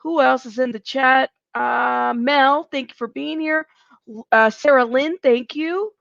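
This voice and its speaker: Woman streamer, high gravelly voice, chatty live true-crime host, dull lo-fi mic. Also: measured pace, no room sound. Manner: chatty, animated, laughs between lines. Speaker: livestream host. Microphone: home streaming mic.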